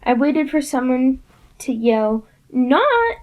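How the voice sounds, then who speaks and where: A woman reads a novel aloud in the first person, telling the story expressively. Her voice sits somewhat high. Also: moderate pace, poor audio. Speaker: narrator.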